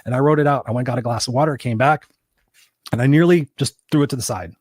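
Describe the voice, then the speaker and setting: A man's voice: mid-range voice, fast talker, a little mellow, no room sound, clean studio sound. A man telling a personal story as a podcast guest and motivational coach, emphatic and speaking straight to the listeners. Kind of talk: storytelling interview talk.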